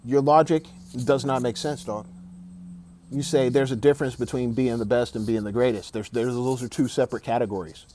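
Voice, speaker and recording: A man's voice: medium pitch, steady tone, brisk, warm tone, slight background noise. A man giving an emphatic, opinionated sports rant, repeating himself and saying "dog" often. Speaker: sports commentator.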